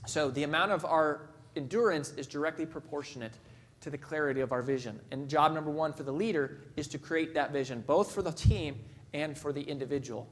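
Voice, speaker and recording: A man delivering a motivational keynote in an emphatic, storytelling manner. His voice sits notably high for a man, and he repeats key phrases for weight. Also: a little fast. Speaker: motivational speaker.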